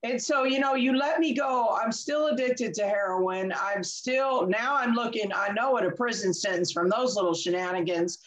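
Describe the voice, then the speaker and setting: A woman guest tells a candid story from her own life in an animated way. She laughs often and acts out both sides of the dialogue. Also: mid-range voice, moderate pace, few pauses, low-quality recording. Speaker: interview guest.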